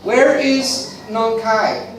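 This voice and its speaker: High-voiced American man teaching from afar. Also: fairly even intonation. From eastern United States. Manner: slow, deliberate drilling with repetition. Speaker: English teacher. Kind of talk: classroom teaching. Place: classroom. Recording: echoey classroom from far off.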